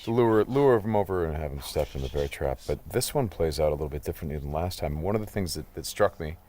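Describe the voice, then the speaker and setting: Deep-voiced male interviewer. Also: animated, quick pace, darkish tone, slight background noise. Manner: curious, asks questions. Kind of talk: interview chat.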